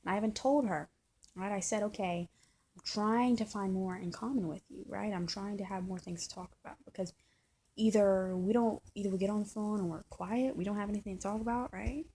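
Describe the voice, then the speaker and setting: A woman's voice: medium pitch, brisk, mellow, a little hiss or hum. A woman talking to the camera in a casual vlog, venting about her relationship in a rambling, frustrated way.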